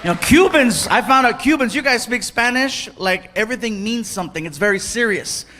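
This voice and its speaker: A man doing stand-up storytelling on stage, animated, acting out voices and yelling punchlines into a handheld mic. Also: very high voice, brisk. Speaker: stand-up comedian. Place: theater stage. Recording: live show with loud crowd and noise.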